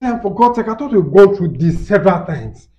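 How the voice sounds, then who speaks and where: A man's voice: high-pitched, animated, brisk, dark tone, highs cut off, slight background noise. A man with a Nigerian accent playing an anxious, overprotective husband in a comedy skit, stammering and repeating words when flustered.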